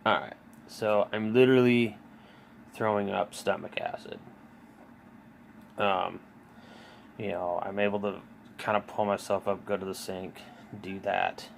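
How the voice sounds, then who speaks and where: A man's voice: lowish voice, fairly even intonation, unhurried, creaky, long pauses, slight background noise. A man telling a personal story in a rambling, casual way, with many fillers, restarts and swearing. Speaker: vlogger.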